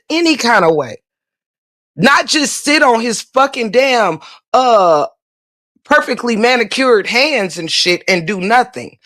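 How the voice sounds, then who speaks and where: A woman livestream host talks at a slow, deliberate pace, hammering her points with blunt, profane repetition. She keeps coming back to the viewers and answers their comments directly. The sound is dry and close, with no room around it. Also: fairly high pitch, a bit bright, no echo.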